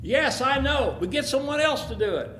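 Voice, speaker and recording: A man's voice: very high voice, expressive, moderate pace, fairly bright tone, slight background noise, pitched above the performer's own voice. A man voicing an earnest young shepherd boy, pleading in a raised, eager voice. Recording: echoey room.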